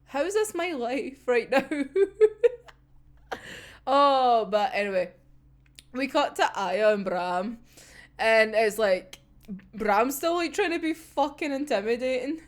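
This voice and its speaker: A young woman talks through an anime episode in a high voice. Her pitch leaps all over the place. She rambles, swears freely and keeps dissolving into laughter. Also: sing-song, slow pace, long pauses. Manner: gushing, rambling, swears a lot, laughs often. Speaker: anime reviewer. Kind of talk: excited episode discussion.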